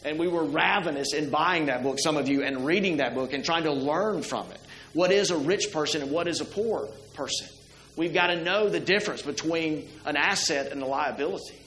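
A man's voice: fairly high pitch, a bit bright, echoey room, slight background noise, poor audio. A middle-aged man preaching a sermon to his congregation in a church, talking conversationally and asking the listeners many rhetorical questions. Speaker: pastor. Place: church sanctuary.

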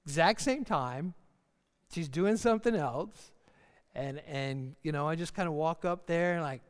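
A man's voice: a little high, a little slow. A middle-aged male pastor preaching a sermon in a folksy, joking way, acting out little scenes. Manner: folksy, joking, with acted asides. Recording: reverberant hall.

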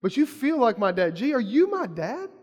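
A man voicing a blunt ex-gang member who talks loudly and earnestly, in casual street talk. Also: very high voice, sing-song, moderate pace, voice pushed up, heavily acted. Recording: long hall reverb.

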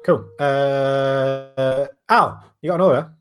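A man's voice: mid-range voice, takes it slowly, music in the background. A man hosting a casual podcast chat, rambling and swearing freely. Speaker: podcast host.

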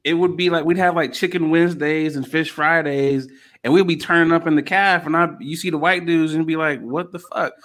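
A man's voice: on the high side, fairly even intonation, a little fast, a bit bright. A young man co-hosting a casual podcast chat, telling laid-back stories and swearing casually. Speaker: podcast co-host.

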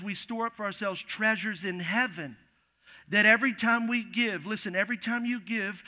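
Male pastor, high and piercingly bright, emphatic repeating preacher, church hall with long reverb. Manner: emphatic, repeats phrases, addresses congregation directly. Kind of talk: sermon. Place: church sanctuary.

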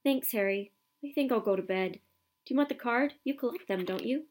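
A woman's voice: a little high, brisk, a little mellow, a little hiss or hum, lightly acted. Woman reading shy shaky boy, mumbled. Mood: quiet. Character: timid schoolboy, shaky and mumbling.

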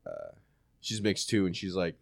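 A man with a fairly low voice that swings widely as he talks, telling tour stories in a loose, rambling way. He chats casually and laughs into his own anecdotes. The sound is dry and close, with no room echo. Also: huge pitch swings, moderate pace, gravelly. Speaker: comedian. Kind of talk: casual podcast chat. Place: Sacramento area.

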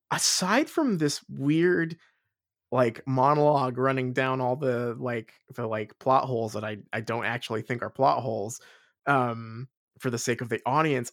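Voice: mid-range voice, no room sound, studio quality. A podcast co-host rambling through a book discussion, repeating words and laughing often.

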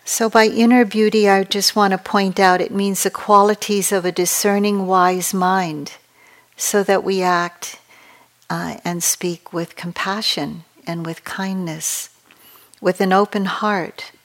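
A woman meditation teacher giving a dharma talk at a retreat, speaking in a calm, measured and reflective way. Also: medium pitch.

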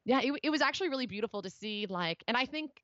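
A woman in her thirties with a hoarse, raspy voice, chatting as a podcast guest with lots of fillers and restarts. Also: a little high, expressive, very fast, fairly bright tone, no room sound. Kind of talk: casual interview chat. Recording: dry, slightly dull recording.

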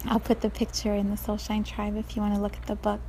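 A woman speaking as a spiritual coach, reflecting softly after reading a story and slipping into whispers at times. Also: medium pitch, monotone, quick pace, a little hiss or hum. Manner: soft, gentle, slips into whispers.

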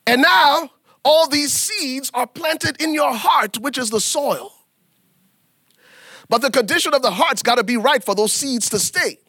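A man preaching a sermon in an animated, folksy way, turning to the congregation and acting out little scenes. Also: very high-pitched, unhurried, breathy edge, no echo, studio quality. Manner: animated preaching with acted asides; folksy, addresses congregation as y'all. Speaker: pastor.

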